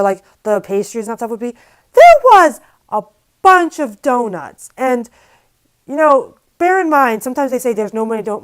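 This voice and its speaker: A woman vlogger telling a story to camera in a casual, animated, exasperated way, with lots of "like". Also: fairly high pitch, poor audio. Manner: casual, filler-heavy speech with frequent "like".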